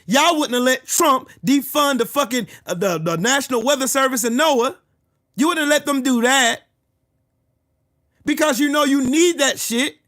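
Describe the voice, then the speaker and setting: Angry live-stream host, man, high voice, profane shouting rant at chat. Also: moderate pace. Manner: furious, profane, shouting at commenters.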